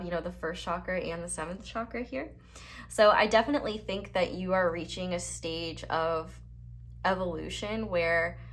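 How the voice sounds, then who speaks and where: Young woman, slightly low voice, chatty encouraging tarot reader, filler-heavy casual delivery. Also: a bit bright. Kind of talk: casual tarot reading to camera.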